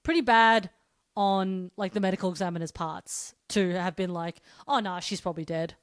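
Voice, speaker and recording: A woman's voice: lowish voice, steady tone, moderate pace, no room sound, clean studio sound. A woman co-hosting a casual podcast, recapping a horror episode with lots of fillers. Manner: chatty, recapping scenes with fillers. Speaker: podcast co-host. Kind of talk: casual movie chat.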